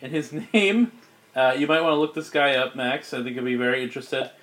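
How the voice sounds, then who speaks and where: A man's voice: medium pitch, fairly quick, a bit bright, slight background noise. A man narrating as game master in a casual, slangy way, laughing often.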